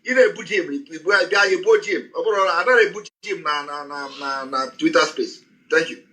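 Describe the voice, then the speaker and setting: A man giving a heated, scolding address to listeners on an audio space, shouting as he speaks. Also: on the high side, brisk, rough recording.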